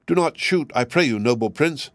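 A man reading a storybook voices an anxious wild duck in a high, begging voice. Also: expressive, normal speed, no echo, lightly acted. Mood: pleading. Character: pleading wild duck, anxious parent bird.

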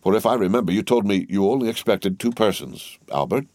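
A man's voice: fairly low pitch, lively intonation, a little fast, a little mellow, no room sound, close to an everyday voice. A man voicing a sardonic, teasing young male journalist in a classic novel reading. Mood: mocking. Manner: mocking, teasing.

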